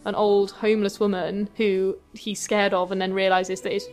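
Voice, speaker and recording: A woman's voice: medium pitch, level tone, moderate pace, a little mellow. A woman co-hosting a casual pop culture podcast, chatty and enthusiastic with lots of fillers. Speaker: podcast co-host.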